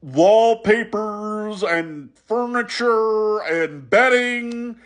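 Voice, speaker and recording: A man giving a response commentary, animated and emphatic, critical and earnest, sometimes restarting his words. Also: high-pitched, extremely slow. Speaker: video commentator.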